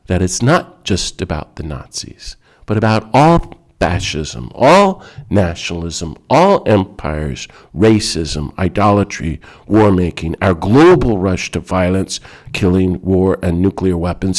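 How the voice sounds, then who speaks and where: A man's voice: low voice, a little mellow. A man giving a reflective talk in an earnest, emphatic way.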